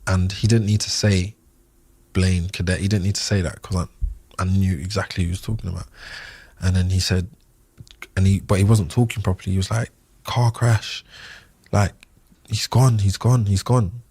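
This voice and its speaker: Deep gravelly man, halting. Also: fairly even intonation, darkish tone, no echo. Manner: halting, many fillers and restarts. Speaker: podcast guest. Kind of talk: emotional interview recollection.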